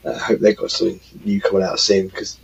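A man's voice: low voice, monotone, fast, vocal fry, slightly rough, dull audio. A man co-hosting a music show, rambling casually about songs and albums he loves. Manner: chatty, rambling, lots of ums and laughs.

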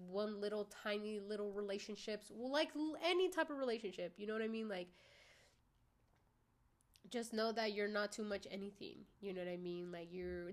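Candid, rambling woman vlogger. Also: medium pitch. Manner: rambling, swears often, heavy filler "like" and "you know what I mean". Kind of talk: candid casual monologue.

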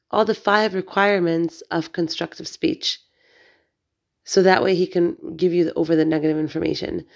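A woman's voice: on the low side, creaky, a little mellow, muffled recording. A woman hosting a podcast, giving a casual religious teaching talk, often repeating herself and checking in with "okay?" and "right?". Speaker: podcast host.

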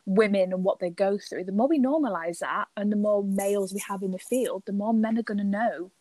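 A woman in a relaxed chat who rambles through her points and keeps restarting them. She sits at mid pitch. Her voice sounds dry and close. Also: brisk, dry recording. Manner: rambling, many fillers and restarts. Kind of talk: casual chat.

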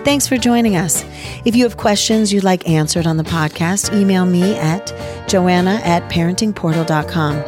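A woman's voice: fairly low pitch, normal speed, music in the background. A woman hosting a parenting podcast, encouraging and affirming. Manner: warm, encouraging. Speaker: podcast host. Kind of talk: podcast interview and sign-off.

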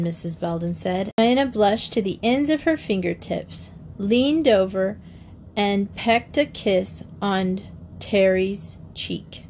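A woman narrating a children's mystery audiobook in a measured, gentle storytelling voice. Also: mid-range voice, animated, a little hiss or hum.

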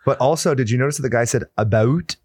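A man's voice: medium pitch, rapid-fire, no echo, clean studio sound. Man joking in casual podcast banter. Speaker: podcast co-host. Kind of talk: casual chat reviewing a film.

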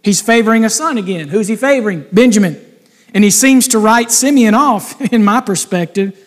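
A man with a notably high voice preaches a sermon, earnest and steady. He keeps coming back to rhetorical questions as he works through the text. His voice rings out with the long reverb of a large hall. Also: normal speed. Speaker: pastor. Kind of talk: sermon with scripture reading.

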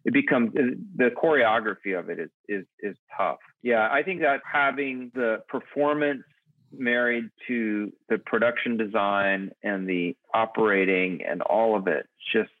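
A man's voice: on the low side, measured pace, no echo. A man speaking as a podcast guest, thoughtful and often restarting his phrases. His voice comes through a tinny, phone-like line, dry with no room sound. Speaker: guest, film professional. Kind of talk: casual podcast conversation.

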